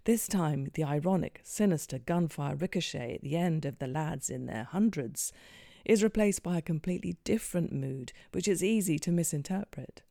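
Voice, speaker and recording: A presenter with a gravelly, mellow voice reads a formal script in a measured way. The sound is dry and close. The voice is neither high nor low. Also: dry recording. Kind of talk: scripted narration.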